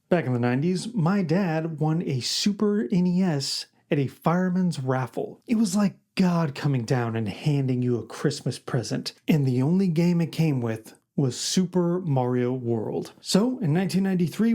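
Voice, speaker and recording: Mellow-voiced wry film reviewer. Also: medium pitch. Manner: wry, opinionated, casual asides. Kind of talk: scripted movie-list commentary.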